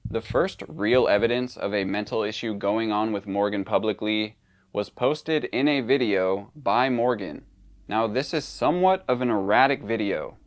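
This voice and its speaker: A man's voice: on the low side, normal speed. A man narrating a true crime story in a conversational way, with casual asides.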